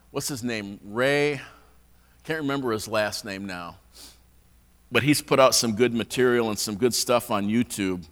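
A man preaching a conversational sermon in a church, often repeating words as he restarts. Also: medium pitch. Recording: long hall reverb.

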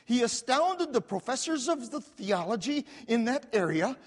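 A man preaching a sermon, telling the story with lively repetition and quick asides, recorded in a church sanctuary. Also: very high voice. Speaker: pastor. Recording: long hall reverb.

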